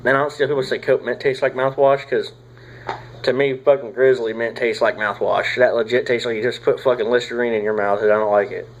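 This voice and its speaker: A young man, rambling casually through a product review, swearing often and filling pauses with "uh" and "like.". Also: mid-range voice, little pitch movement, rough recording. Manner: rambling, profane, drawling with frequent fillers. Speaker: tobacco reviewer.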